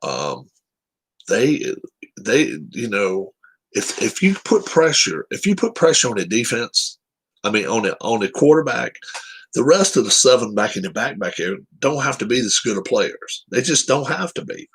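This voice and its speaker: A man's voice: medium pitch, very animated, normal speed, breathy edge. A man hosting casual sports chat, giving blunt, profane, opinionated takes on football teams.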